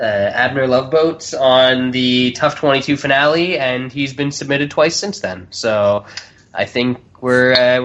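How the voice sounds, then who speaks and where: A man's voice: mid-range voice, fairly bright tone, lo-fi sound. A man co-hosting a fight-betting podcast, blunt and swearing freely in casual chat. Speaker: podcast co-host.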